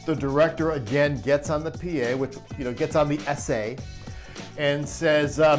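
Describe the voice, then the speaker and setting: A man's voice: a little high, fairly even intonation, moderate pace, soft background music. A middle-aged man who works as a live sound crew chief, telling a backstage story in a chatty, laughing way. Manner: chatty, laughing, acts out quotes. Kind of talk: storytelling anecdote.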